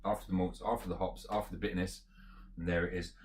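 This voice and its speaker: A man with a fairly low voice, casually talking his way through a beer tasting. He rambles and thinks out loud, pausing on fillers as he goes. A faint hiss sits under the recording. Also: level tone. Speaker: beer reviewer.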